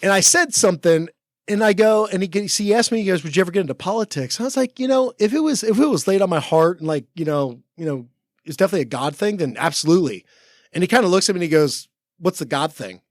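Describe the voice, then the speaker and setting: Rambling man in his forties, guest on a podcast, slightly high voice, dry close sound, acts out the dialogue in his stories. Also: animated, fast, dry recording. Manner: rambling, full of 'like', acts out quoted talk. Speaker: podcast guest, former Navy SEAL. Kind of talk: casual storytelling chat. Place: podcast studio.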